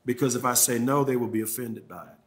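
A man with a Southern accent teaches a journalism workshop in a mid-range voice, neither high nor low. He speaks in a halting, unhurried way and restarts his phrases by repeating words. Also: fairly even intonation. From Mississippi, USA. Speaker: journalism trainer. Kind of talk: workshop talk with audience questions.

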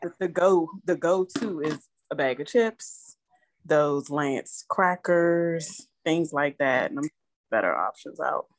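A woman's voice: deep voice, lively intonation, takes it slowly, no echo. A woman taking part in a casual group video call, speaking in a plain, practical way. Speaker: participant on a group coaching call.

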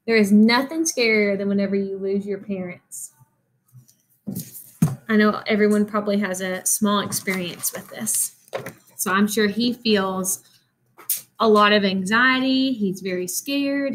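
A woman teacher reading a picture book aloud to children, expressive and animated, stopping to explain words. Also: mid-range voice, measured pace, low-quality recording.

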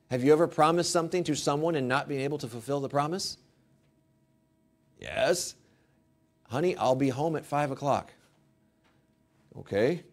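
This male pastor, whose pitch is fairly high, preaches emphatically and works up to forceful peaks. He acts out the prayers he quotes with mock pleading.

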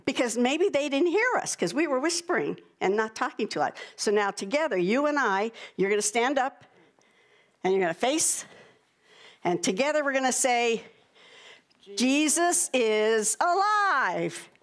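A woman's voice: fairly high pitch, animated, moderate pace. A woman pastor in a church sanctuary, leading a prayer and giving a playful, coaxing children's sermon.

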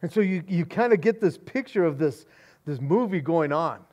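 A man preaching as a pastor, excited and casual, often repeating words and saying "man". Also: a little high, moderate pace, dull audio. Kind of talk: expository sermon.

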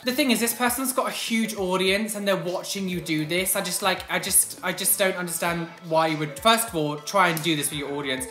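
A woman's voice: fairly low pitch, fairly quick, hardly any pauses, fairly bright tone. A woman hosting a reaction video, chatting casually with shocked exclamations and outraged asides. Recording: echoey room.

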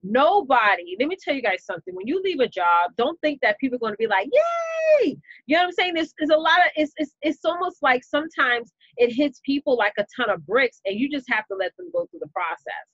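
A woman with a New York accent, hosting a casual live stream and telling a story to her viewers in a lively, chatty way, calling them y'all. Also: high voice, quick pace, hardly any pauses, dry recording, muffled recording. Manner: animated, chatty, talks straight to viewers with y'all and you know. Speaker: business coach and live-stream host.

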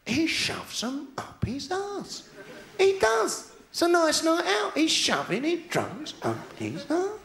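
This southern English stand-up comic has a very high, slightly bright voice that swoops wildly in pitch, with vocal fry. He rants in a fast, sardonic way during a live set in an echoey theater hall on a large stage.

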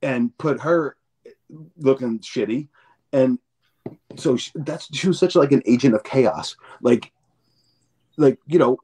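This podcast guest's medium-pitched voice is darkish with a breathy edge. He chats casually, rambling through profane stories and repeating words as he acts out each scene.

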